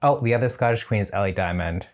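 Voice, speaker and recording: A man's voice: on the low side, fast talker. A man reviewing a drag competition show in a casual, chatty reaction style, with opinionated and slightly shady asides.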